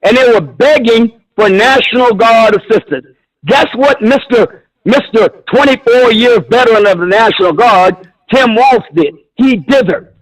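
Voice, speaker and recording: A man's voice: extremely high pitch, a little slow, low-quality recording. A man calling in to a talk show, arguing bluntly and combatively with frequent swearing. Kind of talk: heated call-in argument.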